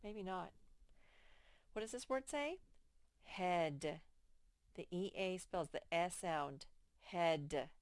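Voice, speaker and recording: Woman, first-grade phonics teacher, slow drawn-out words, lowish smooth voice. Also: lively intonation, no echo. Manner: slow, clearly stretched-out words for children. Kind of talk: slow, patient phonics lesson to young children.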